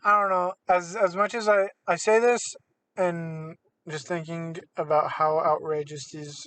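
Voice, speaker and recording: A man's voice: a little high, flat delivery, a little slow, fairly bright tone. Casual podcast man, off-mic. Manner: rambling, self-correcting. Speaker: podcast co-host. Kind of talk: casual chat. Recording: distant from mic.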